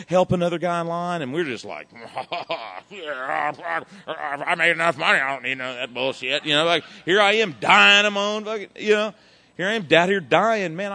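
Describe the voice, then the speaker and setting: Profane man telling his recovery story. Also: mid-range voice. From Texas. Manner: profane, animated storytelling, swings between loud and quiet. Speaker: recovery speaker. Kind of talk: recovery testimony talk.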